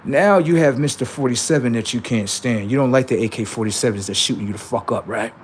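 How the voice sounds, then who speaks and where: A man's voice: mid-range voice, quick pace, a little hiss or hum. A man hosting a livestream, delivering a heated, profane and confrontational political rant that taunts his listeners. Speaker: livestream host.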